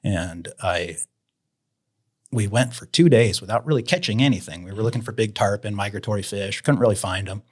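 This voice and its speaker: Husky-voiced man telling fishing stories. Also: on the low side, brisk. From Idaho, USA. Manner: animated, acts out quoted people in a raised voice. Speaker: podcast guest, fly fishing author. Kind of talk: casual storytelling in an interview.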